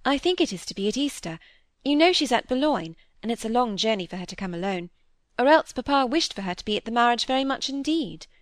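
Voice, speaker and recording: A woman's voice: fairly high pitch, very animated, fast, no echo, clean studio sound, voice pushed up. A woman voicing an eager, candid young girl in an audiobook reading.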